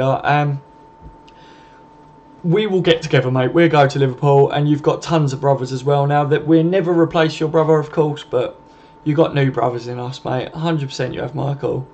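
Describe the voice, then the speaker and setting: Reading out viewer comments on his live stream, this host keeps it casual and matey, swearing freely and calling viewers mate. He speaks a little high at a moderate pace, with a creaky, slightly mellow quality. Faint background noise sits under slightly muffled audio.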